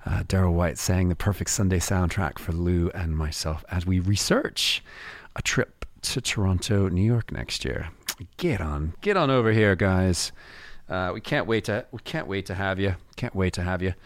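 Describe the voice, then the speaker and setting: A man's voice: low-pitched, normal speed, no echo. A man hosting a radio music show, chatting loosely between songs with lots of fillers and chuckles. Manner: laid-back, rambling, many fillers and chuckles. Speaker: radio DJ host.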